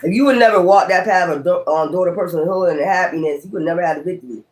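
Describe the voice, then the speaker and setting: Man with a high voice doing a tarot reading, preachy, cussing, rambling on. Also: very fast. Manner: blunt, profane, rambling and preachy. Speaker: tarot reader. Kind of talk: casual tarot reading monologue.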